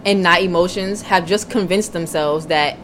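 A woman's voice: lowish voice, moderate pace, fairly bright tone, a little hiss or hum. Blunt young woman chatting casually. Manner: blunt, laughs often, slangy asides. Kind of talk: casual chat.

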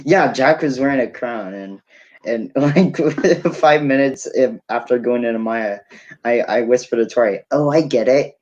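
A man's voice: mid-range voice, normal speed, darkish tone, muffled recording. A young man co-hosting a podcast, telling a rambling story in casual chat and laughing often. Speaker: podcast co-host.

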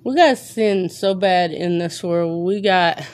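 A woman hosting a faith podcast, out of breath, talking in an earnest, preacherly way with halting pauses and fillers. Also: fairly low pitch, darkish tone. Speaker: podcast host. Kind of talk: faith podcast monologue with prayer.

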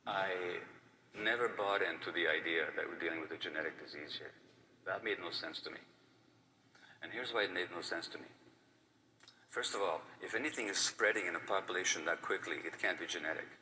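A man's voice: low voice, brisk, pushed and bright. An older man giving an earnest conference talk, stressing and repeating his key points. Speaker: lecturer. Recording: distant mic with faint background noise.

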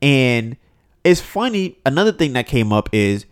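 A man's voice: mid-range voice, measured pace, smooth. A man hosting a podcast, talking casually and ranting animatedly about things he has seen online. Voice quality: animated, ranting, mimics others in quotes. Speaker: podcast host. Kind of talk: casual opinion monologue.

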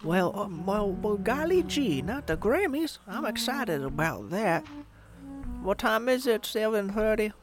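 A man doing a folksy excited old grandpa. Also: high voice, measured pace, music in the background, pitched above the performer's own voice, heavily acted. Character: old grandpa excited about award show.

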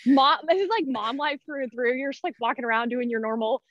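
A fairly quick, high-sitting voice, a bit bright, belongs to a woman in her thirties. She's a guest on a podcast who teaches personality types, and she chats casually and out of breath, often restarting and using fillers. The sound is dry, dull and lo-fi.

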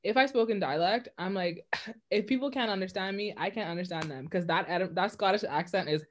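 A woman's voice: medium pitch, slight background noise. A young Bahamian woman with a Bahamian accent, chatting casually in a playful, slangy way. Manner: slangy, playful, drawn-out asides. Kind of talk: casual chat.

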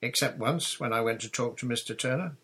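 A man reading a storybook, voicing a calm, earnest boy who answers questions plainly. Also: medium pitch, a little fast, husky, voice pushed up.

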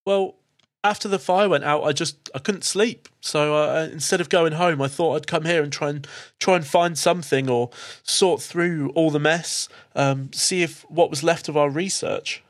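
A shaken young woman researcher, tearful and apologetic, speaking in a raised, breathless voice, as a man puts her on. Her talk comes in eager rushes. She is a figure in a tabletop role-play. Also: fairly high pitch, voice pushed up, natural voice.

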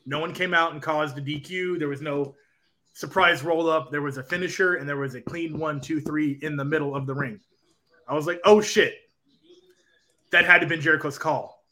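Bright-voiced man breaking things down thoughtfully. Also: on the high side, steady tone, normal speed. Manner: thoughtful, rambling, analytical. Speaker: podcast co-host. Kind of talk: casual wrestling analysis.

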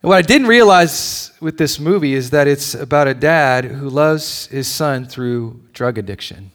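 A pastor and father preaches with an unhurried, mid-range voice, sharing a personal story. His delivery rises and falls animatedly, sinking almost to a whisper at the tender parts.

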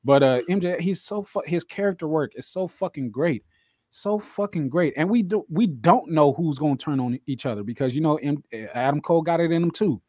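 A man's voice: on the high side, brisk, warm tone, no room sound. Profane, emphatic man on a dry mic. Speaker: podcast co-host. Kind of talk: casual chat.

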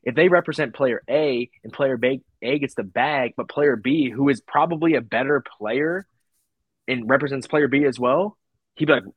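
A man's voice: medium pitch, normal speed, husky, dry recording, dull audio. A man co-hosting a casual sports podcast, arguing his points with folksy sayings. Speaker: podcast co-host.

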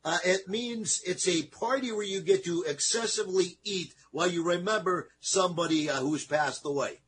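A man's voice: high voice, normal speed, fairly bright tone, breathy edge. A man co-hosting a casual radio talk show, chatty and full of fillers and "okay?" tags. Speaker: radio co-host.

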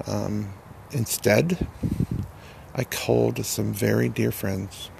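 Very gravelly man telling his story. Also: fairly low pitch, fairly even intonation, a little mellow, a little hiss or hum. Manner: halting, repeats words, earnest. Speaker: person sharing a recovery story. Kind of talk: personal testimony.

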